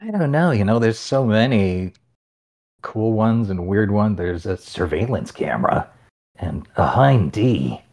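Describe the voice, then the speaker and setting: A man's voice: lowish voice, sing-song, a little slow, a little mellow. A man voice actor chatting as a panel guest, playful and joking. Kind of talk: casual panel chat.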